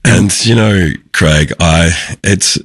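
Very deep husky Australian man. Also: a bit bright, no echo, studio quality. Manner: earnest, reflective, halting. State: husky from pollen. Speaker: guest. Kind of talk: casual interview chat.

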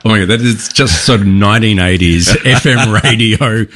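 A man's voice: fairly low pitch, normal speed, fairly bright tone, slight background noise. A man hosting a podcast interview, chatty and playful, affirming his guest. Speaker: podcast host.

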